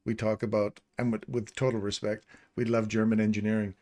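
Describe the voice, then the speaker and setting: A man's voice: on the low side, flat delivery, a little fast, warm tone. A man casually commenting on a live trading stream, reading out and answering viewers' chat messages by name. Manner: upbeat and chatty, laughs easily.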